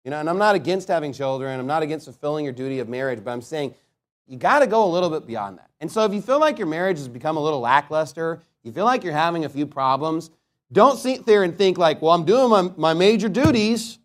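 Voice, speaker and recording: A man preaching a casual, conversational sermon to a congregation, acting out quick quotes from everyday life. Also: a little high, sing-song. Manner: conversational, with quick acted-out quotes and rising emphasis.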